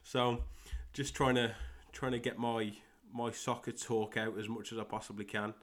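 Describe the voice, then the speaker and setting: A young man with a West Midlands English accent, hosting a solo soccer podcast and talking in a halting way with many fillers and repeated words. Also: medium pitch, level tone, a bit bright. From England. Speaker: podcast host and soccer coach.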